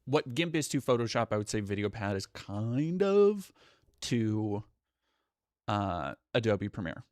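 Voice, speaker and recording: A man's voice: on the low side, sing-song, unhurried, a little mellow, dry recording, studio quality. A man streaming live, chatting casually and profanely while reading out viewer comments. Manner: rambling, profane, reads chat aloud. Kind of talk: casual livestream chat.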